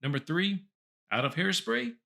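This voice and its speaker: A man's voice: high voice, animated, normal speed, creaky, sharp tone. A man hosting a comedy show, reading old top ten lists aloud with chuckles and wry asides. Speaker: host.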